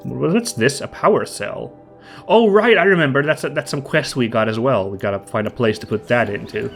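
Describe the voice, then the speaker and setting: A man's voice: medium pitch, animated, moderate pace, creaky, faint music behind. Chatty man with a stuffy nose. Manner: chatty, rambling, upbeat. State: stuffy, slightly nasal from a cold. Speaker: let's play host. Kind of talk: casual gameplay commentary.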